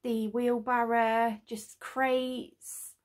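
A woman filming a casual home unboxing vlog, gushing and excitable, sometimes dropping to a whisper. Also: on the high side, extremely slow. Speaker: unboxing vlogger. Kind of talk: casual chat to camera. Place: home studio.

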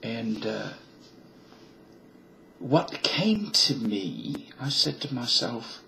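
Slow-talking man musing to a webcam. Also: mid-range voice, sing-song, gravelly, bright, forceful tone, slight background noise, poor audio. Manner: slow, musing, drifts between put-on accents. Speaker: vlogger. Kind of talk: rambling webcam monologue. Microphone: webcam mic.

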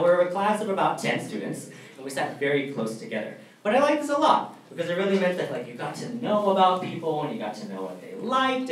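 A young man doing a stand-up storytelling set on a college comedy stage, animated, his voice jumping high and squeaky when he gets excited. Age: young adult. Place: college comedy club stage before a live audience. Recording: echoey room, picked up from a distance, faint noise.

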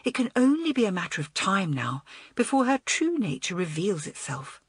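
A woman voicing a patient schoolgirl friend who speaks calmly and measuredly. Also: mid-range voice, slightly rough, dry recording. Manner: calm and measured.

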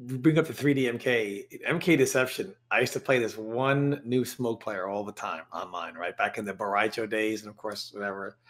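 A man's voice: on the low side, moderate pace, hardly any pauses. A man on a casual podcast telling a funny story, acting out the other people's lines. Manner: laughing anecdotes, animated quoting.

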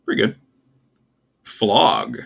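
A young man with a low, gravelly voice that still sounds bright and forward. He talks casually and offhandedly, often puzzled, and slips in wry asides as he ranks things on his own. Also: wildly swooping pitch, extremely slow. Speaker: tier list video host. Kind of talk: casual solo commentary.

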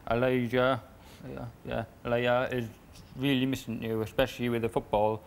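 A young man, a reality show contestant, reading a family letter aloud, halting and stumbling over words. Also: mid-range voice, little pitch movement, vocal fry, slight background noise. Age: young adult.

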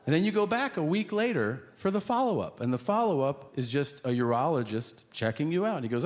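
A man's voice: a little high, a little fast, hardly any pauses. A man doing a stand-up comedy set, telling stories and acting out the other people in them. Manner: animated storytelling with voiced characters. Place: live comedy venue with audience.

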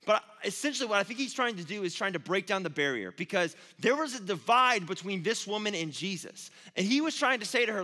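A youth pastor preaching in a casual, storytelling way with animated asides. His voice is high and bright. A long reverb from the large auditorium hangs behind every phrase. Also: a little fast, few pauses. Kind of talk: youth sermon.

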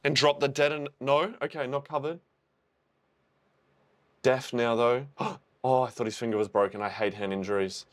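Young man reacting loudly to a war film. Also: medium pitch, steady tone, moderate pace. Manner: emotional, swearing, exclaims at the screen. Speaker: reaction video host. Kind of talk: first-time movie reaction.

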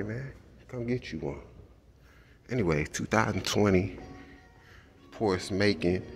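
A man with kids vlogging casually as he walks a car showroom floor, excited and slangy, tagging "man" onto nearly every line. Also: low-pitched. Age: adult with kids. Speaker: vlogger touring a car dealership. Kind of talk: casual walkaround vlog.

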